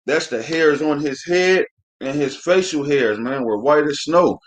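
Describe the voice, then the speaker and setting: Slightly high and measured, this man's voice carries a live-streamed scripture class. After reading each verse aloud, he comments in a blunt, preachy, vulgar way, cursing freely and dropping "man" constantly.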